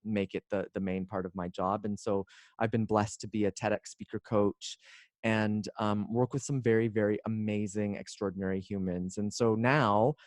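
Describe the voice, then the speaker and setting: Expressive man in his forties. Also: fairly low pitch, no room sound, clean studio sound. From Canada. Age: 40s. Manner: expressive, playful, drawn-out phrasing. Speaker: guest, speaker and coach. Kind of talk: casual interview chat.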